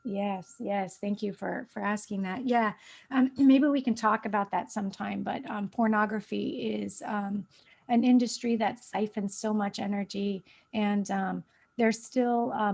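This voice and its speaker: A woman talks through a casual spiritual chat over a video call at a mid pitch. She rambles with lots of fillers and restarts and breaks into light laughs. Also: vocal fry, darkish tone. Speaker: host.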